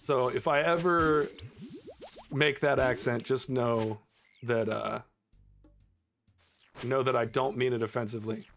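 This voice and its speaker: Man, streamer talking to chat, mid-pitched, chatty, quick laughs, faint music behind. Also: steady tone, gravelly, a bit bright. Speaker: game streamer. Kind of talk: casual live-stream chat while gaming.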